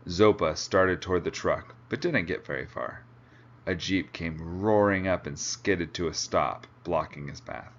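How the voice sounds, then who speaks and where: A man reading a novel chapter aloud with a steady, plain delivery. The recording sounds dull and lo-fi. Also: deep voice, a little slow. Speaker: reader.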